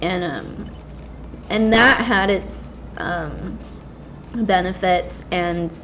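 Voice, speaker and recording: A woman in her twenties, a gaming vlogger, speaks very slowly in a lowish voice with a fairly bright tone. She rambles candidly and casually with many fillers while playing a game. The lo-fi mic sounds slightly dull, with faint background hiss.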